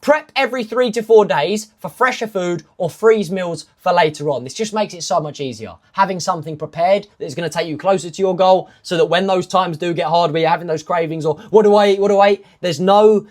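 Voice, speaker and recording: A man's voice: high-pitched, fairly quick, few pauses. A man, a fitness coach, talking casually through nutrition rules in step-by-step lists, with self-mocking asides. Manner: emphatic, stepwise lists of rules. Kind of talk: casual instructional talk.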